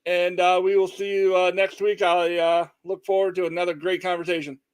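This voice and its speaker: High-voiced easygoing male host. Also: fairly quick, clean tone. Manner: easygoing, laughs often, relaxed parent talk. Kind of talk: casual chat.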